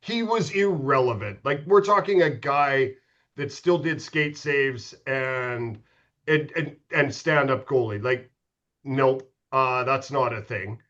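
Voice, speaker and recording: In lo-fi sound, a middle-aged man with a mid-range, slightly bright voice takes his time. A former hockey goalie appearing as a podcast guest, he tells profane stories in casual chat, laughing often and restarting frequently.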